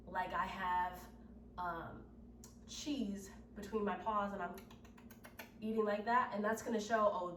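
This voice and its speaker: A woman teaching children an acting lesson, explaining slowly and patiently and often asking "right?". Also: mid-range voice, a little hiss or hum. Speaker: drama teacher. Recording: roomy echo, from mic distance.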